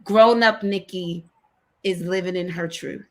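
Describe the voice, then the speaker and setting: A woman's voice: on the low side, fairly even intonation, measured pace, fairly bright tone. A woman co-hosting an online talk show, speaking in heartfelt casual chat, sincere and emotional, repeating herself as she goes. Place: video call.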